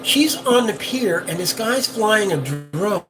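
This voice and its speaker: A man's voice: high voice, animated, takes it slowly, low-quality recording. An older man, a boat captain, chatting casually on a live stream from his yacht, rambling with lots of fillers.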